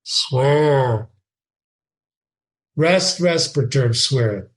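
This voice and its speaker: A man reading the part of a brooding, bitter young prince in a play, with slow, lilting verse delivery. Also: mid-range voice, lively intonation, voice pushed down. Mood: solemn.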